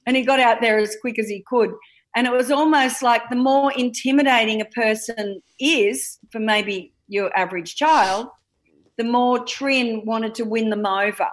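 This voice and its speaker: A middle-aged woman with an Australian accent, a guest's mother, telling a lively story in an interview. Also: fairly high pitch, normal speed.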